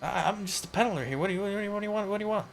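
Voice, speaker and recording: A man's voice: high voice, very fast, creaky, voice pushed up. Man doing a stammering jittery drug peddler. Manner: stammering, nervous, repeating words. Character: jittery twitchy male drug peddler, stuttering.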